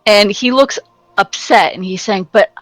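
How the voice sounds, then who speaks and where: A woman game master narrating a tabletop session in a relaxed, halting way, full of fillers and restarts. Her voice is of average pitch, recorded dry and close, with faint music underneath. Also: no room sound, rough recording.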